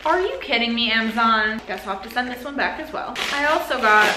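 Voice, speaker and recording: A woman's voice: a little high, animated, fast talker, few pauses, background noise. A young woman chatting casually to camera at home for her vlog, filling her talk with lots of "like". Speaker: lifestyle vlogger. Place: home, apartment. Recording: echoey room.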